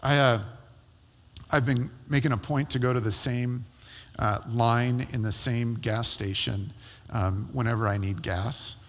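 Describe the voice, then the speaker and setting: A man preaching as a pastor, telling a personal story in a conversational, halting way with many fillers and restarts. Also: mid-range voice, fairly even intonation, fairly bright tone, in a large hall. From California.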